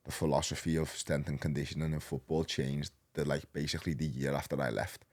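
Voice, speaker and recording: A man in his thirties with a Liverpool accent, a podcast guest telling his story in a rambling, animated, slang-heavy way. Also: extremely low pitch, a little fast. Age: 30s. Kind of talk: casual storytelling.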